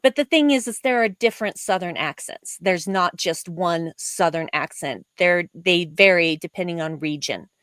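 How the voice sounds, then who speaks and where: A woman's voice: on the low side, normal speed, hardly any pauses, a bit bright, no room sound, studio quality. A woman co-hosting a casual fan discussion, emphatic and opinionated with a playful lecturing streak. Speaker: co-host of a fan discussion show. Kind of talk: casual panel chat.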